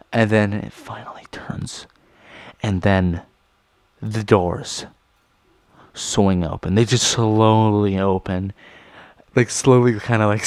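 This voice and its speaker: A man's voice: fairly low pitch, measured pace, dry recording. Swearing young man telling a story. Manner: rambling, swears constantly, many fillers. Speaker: vlogger telling a school story. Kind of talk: casual storytime vlog.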